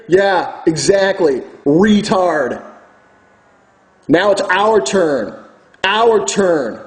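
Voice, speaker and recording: A man's voice: high-pitched, poor audio. A man delivering a furious, profane ranting monologue as host of his own video channel, preaching to his viewers.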